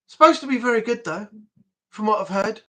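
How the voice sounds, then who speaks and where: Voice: medium pitch, expressive, fairly quick, a bit bright. A live-stream host, chatty and rambling, reading and answering the chat aloud.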